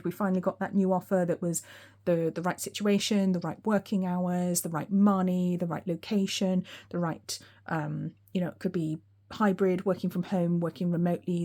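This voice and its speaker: A woman giving a tarot reading to her viewers, gentle and reassuring, chatting along with soft laughs. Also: fairly low pitch. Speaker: tarot reader. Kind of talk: solo tarot reading to camera.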